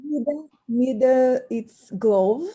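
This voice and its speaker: Woman student, slow unsure question, super dark mellow voice. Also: sits high, slightly rough. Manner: hesitant, asking a question.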